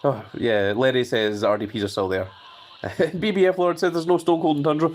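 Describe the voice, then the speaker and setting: A man's voice: medium pitch, fairly even intonation, normal speed. Chatty man streaming live. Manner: chatty, reads viewer messages aloud.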